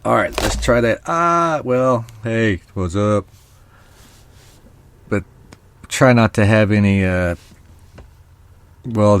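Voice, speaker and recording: Chatty low-voiced man hosting a stream. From Oklahoma. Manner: chatty, rambling, talks to viewers. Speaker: podcast host. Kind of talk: casual live-stream talk.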